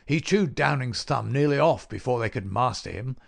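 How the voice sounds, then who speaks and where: A man's voice: mid-range voice, lively intonation, normal speed, vocal fry. A man voicing a shrewd, stubborn police inspector who speaks in guarded, sly replies.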